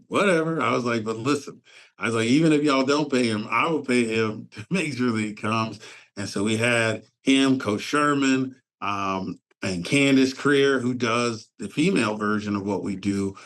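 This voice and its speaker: On a podcast, a man with a mid-range voice chats casually and animatedly, telling a story about organizing a fatherhood summit. He acts out the voices of the people he quotes.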